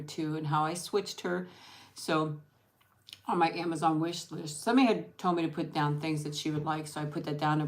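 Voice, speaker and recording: A woman vlogger chatting casually with viewers over lunch. She rambles, restarts her sentences and thanks people by name. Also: low-pitched. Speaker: vlogger hosting an eat-with-me stream. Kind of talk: casual livestream chat.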